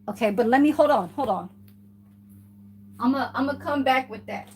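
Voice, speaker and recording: A woman chats casually into her phone camera at home. Her voice sits a touch high, and she rambles from one aside to the next, swearing freely and checking in with a quick "okay?" as she goes. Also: slight background noise. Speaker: vlogger. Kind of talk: casual vlog chat. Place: at home, indoors.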